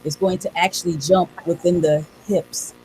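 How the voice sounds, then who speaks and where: A woman's voice: lowish voice, fairly even intonation, moderate pace, a little mellow, rough recording. Directive female co-leader of a voice workshop who calls on participants by name, with faint background hiss. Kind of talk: guided vocal exercise instruction.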